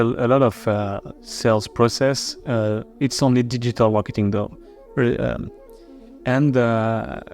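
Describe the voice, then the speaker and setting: A man's voice: mid-range voice, darkish tone. A man with a French accent, a marketing chief, explaining his project in a casual podcast, with many fillers and restarts.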